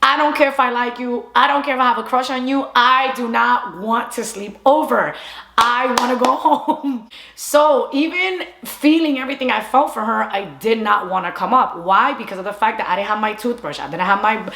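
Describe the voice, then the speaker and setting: A young adult woman telling a casual storytime monologue, animated and chatty, slipping between English and Spanish. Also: on the high side, a little fast, hardly any pauses. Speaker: storyteller vlogger. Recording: echoey room.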